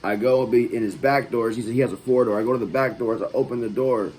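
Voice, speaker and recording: A man's voice: medium pitch, fairly even intonation, fast talker, darkish tone, rough recording. A man hosting his own channel, telling a personal story in a loose, profane, conversational way. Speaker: vlog host. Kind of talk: casual storytelling.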